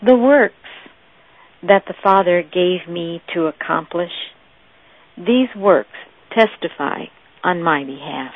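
A woman preaching a sermon in a slow, deliberate, meditative way. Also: lowish voice, lively intonation. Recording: tinny, phone-like dry audio.

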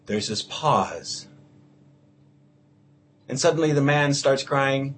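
A man preaching a homily in a slow, earnest way. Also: on the high side, big pitch swings, slightly rough. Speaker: priest.

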